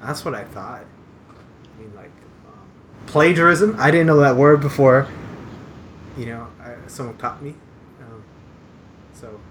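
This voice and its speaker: A man's voice: medium pitch, measured pace, pauses often. A man chatting casually as a host, rambling with lots of fillers and restarts and poking fun at himself. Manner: rambling, self-deprecating, many fillers and restarts. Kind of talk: casual chat. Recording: steady background noise.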